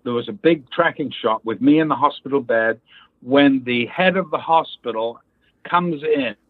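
A man from England recounts film-set anecdotes in a relaxed interview and briefly mimics the people he quotes. His voice is husky and sits in a middle register. The sound is thin and phone-like, with no room around it. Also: medium pitch, normal speed, dry recording. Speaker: actor guest. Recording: tinny phone-like line.

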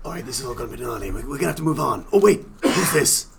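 A man's voice: medium pitch, very animated, very fast, vocal fry, a crowd in the background. A man playing a tabletop role-playing game, joking and playful as he talks. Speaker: player. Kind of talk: tabletop role-play banter.

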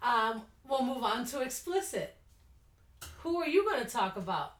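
A woman's voice: on the high side, sing-song, moderate pace. Podcast co-host, woman, laughing storyteller, recorded in a roomy space. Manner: rambling storyteller, laughs often. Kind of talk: casual chat.

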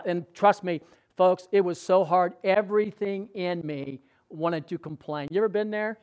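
A male pastor preaching a sermon in a conversational, storytelling way, often asking the congregation questions. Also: sits high.

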